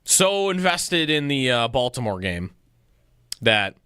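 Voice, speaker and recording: A man's voice: mid-range voice, big pitch swings, slow pace, bright, forceful tone, smooth, no room sound, clean studio sound. A man co-hosting a sports talk radio show, thinking aloud about football with frequent restarts.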